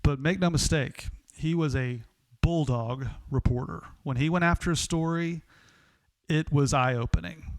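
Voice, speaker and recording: A man with an Oklahoma accent, a podcast host telling stories in a casual, animated way. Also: fairly high pitch, unhurried. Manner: animated, lively storyteller with laughs and restarts.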